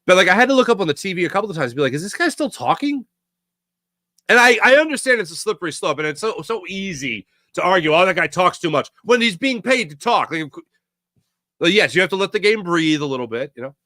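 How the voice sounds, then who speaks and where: Animated, sarcastic sports host. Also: male voice, high-pitched, fast talker, no room sound, clean studio sound. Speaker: sports talk show host. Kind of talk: casual live-stream chat reading comments.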